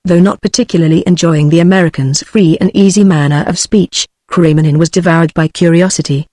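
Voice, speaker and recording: A woman's voice: lowish voice, fairly even intonation, brisk, hardly any pauses, warm tone, no room sound. Synthetic British woman reading a novel. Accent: British English. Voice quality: synthetic text-to-speech voice. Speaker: audiobook narrator. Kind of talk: text-to-speech audiobook narration.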